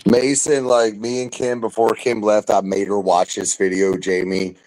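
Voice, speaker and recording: A young man in casual chat, ranting loudly and profanely about football. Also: on the low side, little pitch movement, normal speed, rough recording. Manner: loud, profane football rants. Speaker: podcast panelist.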